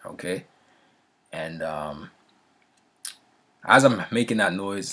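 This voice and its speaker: A man's voice: low-pitched, animated, slow pace, pauses often, a bit bright. A man telling a story in a loose, casual way, often checking in with the listener and restarting his sentences. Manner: frequent fillers and restarts, a laugh now and then. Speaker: vlogger.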